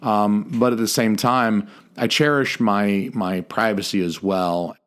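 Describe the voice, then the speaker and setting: Low-voiced chatty man co-hosting a podcast. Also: steady tone, a little slow, a bit bright. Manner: chatty, profane, jokey storyteller. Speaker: podcast co-host. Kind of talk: casual podcast chat.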